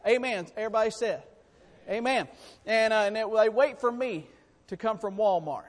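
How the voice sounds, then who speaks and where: A man preaching a sermon in a folksy, emphatic way, swinging between loud and quiet. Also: high-pitched, moderate pace, in a large hall.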